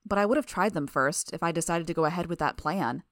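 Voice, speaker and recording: A woman narrating a first-person fiction audiobook in a steady, even way. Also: fairly low pitch, fast talker, no echo, clean studio sound.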